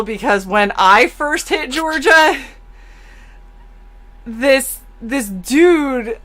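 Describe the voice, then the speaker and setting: A woman co-hosting a casual stream, telling stories and acting out the people in them. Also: medium pitch. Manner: animated storyteller, acts out quotes. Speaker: co-host. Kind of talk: casual stream chat, storytelling.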